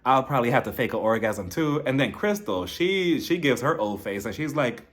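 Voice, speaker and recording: Sassy, lively male recap host. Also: mid-range voice, normal speed. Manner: sarcastic, dramatic asides.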